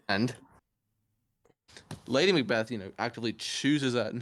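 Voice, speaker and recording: A man's voice: mid-range voice, big pitch swings, unhurried, fairly bright tone. A young man casually hosting a school podcast, joking around and laughing in slang. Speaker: student podcast host.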